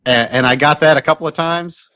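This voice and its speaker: A man's voice: a little high, normal speed, sharp tone, dry recording. A man on a podcast panel telling a self-deprecating story about his upbringing. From Southern US, Mississippi family. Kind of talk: casual panel chat.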